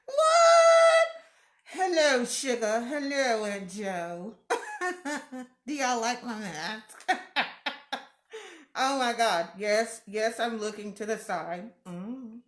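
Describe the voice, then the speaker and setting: Woman, live stream host, playful, slow and lively, echoey room. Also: on the high side. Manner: playful, greets viewers by name, laughs often. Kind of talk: casual live stream chat with viewers. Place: room at home.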